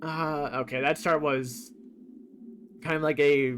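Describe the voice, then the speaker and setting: A male streamer talking through a game in a loose, rambling way, filling pauses with "uh" and "like." His voice sits a little higher than most men's, with faint noise in the background. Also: fairly even intonation, fairly bright tone. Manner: rambling, many fillers like "uh" and "like". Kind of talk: casual game commentary.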